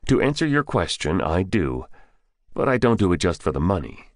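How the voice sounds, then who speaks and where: A man voicing a calm, terse former special-forces mercenary who answers in short, respectful replies. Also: deep voice, moderate pace, dry recording, clean studio sound.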